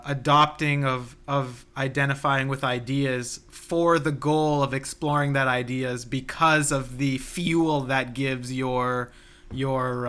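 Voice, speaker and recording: A young man with a bright, forceful voice talks slowly and deliberately, thinking aloud and restarting his sentences. He co-hosts a casual philosophical podcast, recorded outdoors. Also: medium pitch, clean tone. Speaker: podcast co-host. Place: outdoors near a playground.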